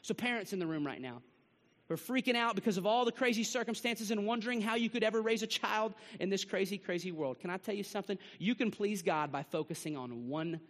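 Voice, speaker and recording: A man preaching a sermon to his church, swinging between rising bursts and hushed drops. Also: high-pitched, fast talker, long reverb tail. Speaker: pastor. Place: church sanctuary.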